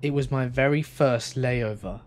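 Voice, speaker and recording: Male horror narrator, slow subdued read, mid pitch. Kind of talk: scripted narration of horror stories.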